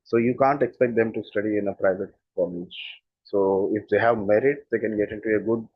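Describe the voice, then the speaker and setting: A man's voice: on the low side, fairly even intonation, brisk, slightly rough, no echo, dull audio. A man with a standard Indian English accent, a communication skills coach explaining his views earnestly and stressing points by repeating them. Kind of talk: explanatory talk.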